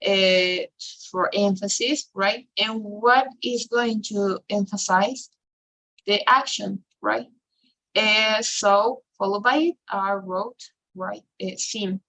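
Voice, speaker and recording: A woman's voice: mid-range voice, bright, forceful tone, poor audio. A woman who is a native Spanish speaker teaching an English grammar lesson, explaining step by step and checking "right?" after nearly every phrase.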